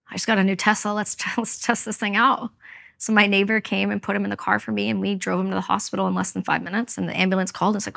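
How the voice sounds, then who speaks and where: Here a Canadian veteran shares her own story as a podcast interview guest, her medium-pitched voice creaky yet fairly bright. She's candid and forceful, voicing other people's words as she quotes them.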